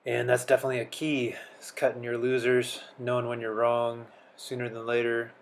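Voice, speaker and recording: A man's voice: medium pitch, completely flat delivery, a little fast, creaky, slight background noise. A man talking casually through his trading session, sounding sleepy as though he just woke up. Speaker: day trader. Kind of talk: casual trading commentary and voice-over.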